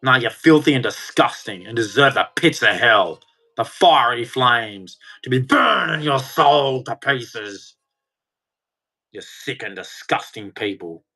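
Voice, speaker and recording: A man's voice: medium pitch, lively intonation, a little slow, sharp tone, breathy edge. A man delivering an angry, heated rant, swearing and speaking with hard emphasis. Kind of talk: angry ranting monologue.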